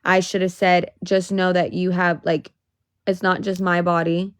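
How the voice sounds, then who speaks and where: A woman's voice: lowish voice, flat delivery, unhurried, clear, resonant tone, dry recording, studio quality. A young woman venting on a casual livestream, emotional and swearing, rising into exasperated outbursts.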